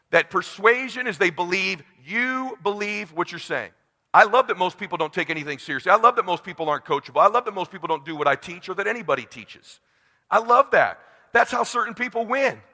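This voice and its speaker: A man in his forties giving an intense motivational speech, swinging from hushed talk to shouting. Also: high-pitched, big-room sound. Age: 40s. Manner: preachy, addresses crowd as brother. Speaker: motivational speaker.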